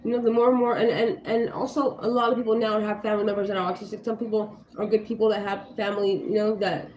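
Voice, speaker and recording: A woman's voice: mid-range voice, little pitch movement, fast, a little mellow, highs cut off. A woman livestreaming in casual talk, blunt and heated, swearing often and filling her speech with "you know" and "like.". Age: adult with young children. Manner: heated, blunt, swears freely, many fillers. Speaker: livestream host. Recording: echoey room with faint ambient noise.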